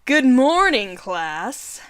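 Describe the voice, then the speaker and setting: A woman voicing a calm, strict female teacher speaking in a measured, formal way. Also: a little high, smooth, dry recording, full character voice.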